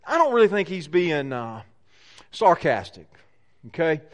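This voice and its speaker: Sounding preacher, fairly high voice. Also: male voice, sing-song, measured pace. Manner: conversational, asks the congregation questions. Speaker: pastor. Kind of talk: sermon.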